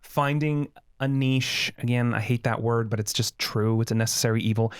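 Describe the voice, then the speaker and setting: A man co-hosting a podcast in casual chat, speaking in a measured, reflective way as he explains and qualifies his points. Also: medium pitch, fairly even intonation, smooth. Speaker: podcast co-host.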